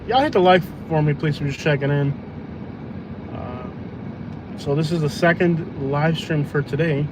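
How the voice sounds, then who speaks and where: A man with a voice on the high side chats loosely and jokes at an unhurried pace while driving food deliveries on a live stream. It's recorded on his phone inside a car on the road, and the cabin is noisy.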